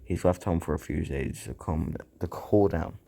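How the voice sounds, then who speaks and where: Man reading as a gentle, worried mother. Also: low-pitched, normal speed, gravelly. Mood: tender. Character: caring, worried middle-aged mother, soft and protective.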